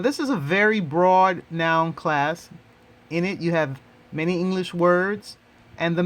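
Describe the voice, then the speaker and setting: A man hosting and teaching a language lesson, repeating each word three times in a deliberate way. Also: on the high side. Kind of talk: slow, repetitive language lesson.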